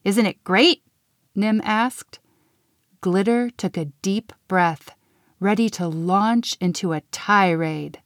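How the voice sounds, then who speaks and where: Woman narrator, children's story read-aloud, slow gentle pacing, dry close sound. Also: medium pitch, no room sound.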